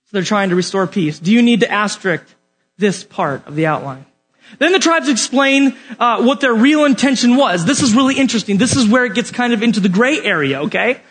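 Young man, Bible teacher, high voice, animated, questioning the listeners. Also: brisk, slightly rough. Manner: animated, questions the audience, laughs often. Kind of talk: Bible lesson with outline.

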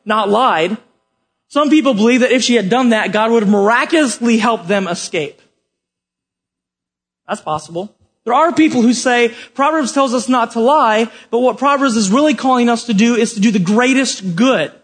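Guy preaching, husky and kinda high, goes from loud questions to quiet explaining. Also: normal speed. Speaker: pastor. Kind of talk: sermon.

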